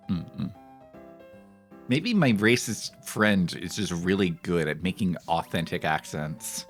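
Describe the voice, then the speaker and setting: Lively low-voiced male streamer. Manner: crude, rambling jokes with lots of fillers. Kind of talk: casual gameplay commentary.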